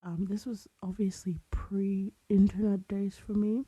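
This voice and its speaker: Slow husky young woman, podcast co-host. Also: medium pitch, flat delivery, warm tone, dry recording, highs cut off. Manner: rambling, searches aloud, drops into breathy asides. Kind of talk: casual chat.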